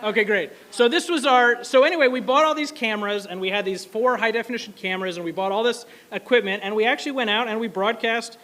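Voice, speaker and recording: A man telling a casual, animated story to an audience, full of fillers and asides. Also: high-pitched, slight background noise. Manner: quick, animated, many fillers. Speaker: speaker at an anniversary event.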